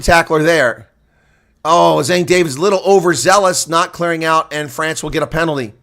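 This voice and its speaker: A man calls live rugby play-by-play in a bright, forceful voice that sits a little high. He rattles off the action, turns to viewers with chatty asides and shouts on big plays. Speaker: rugby commentator. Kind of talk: live play-by-play reaction commentary.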